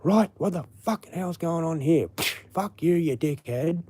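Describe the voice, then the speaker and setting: Brief: man putting on a gruff barking sailor, brash, pitched up. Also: expressive, moderate pace, darkish tone, dry recording. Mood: aggressive. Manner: barking, swearing. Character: burly brash old-time sailor man.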